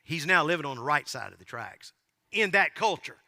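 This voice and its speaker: A pastor preaching a sermon in a church, telling the story in a folksy, joking way and asking the congregation questions. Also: male voice, a little high, animated, brisk, bright, forceful tone. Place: church sanctuary. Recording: long hall reverb.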